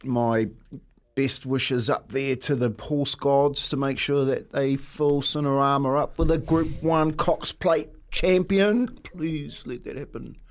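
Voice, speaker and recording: A man with a New Zealand accent co-hosting a show, telling stories with lots of laughter and lively banter. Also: medium pitch, slow pace. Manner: laughing, storytelling, excitable. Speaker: radio show co-host. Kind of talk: casual banter.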